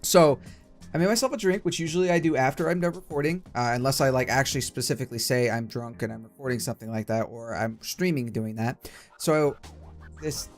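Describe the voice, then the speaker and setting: A young man hosting a casual let's play, ranting with heavy swearing. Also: medium pitch. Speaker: gaming channel host.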